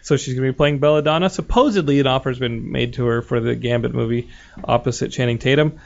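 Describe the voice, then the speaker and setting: Man, American, podcast host, gravelly voice, joking banter, lo-fi recording. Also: mid-range voice, quick pace. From United States. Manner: animated, joking, laughs often. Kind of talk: casual chat. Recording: dull lo-fi sound.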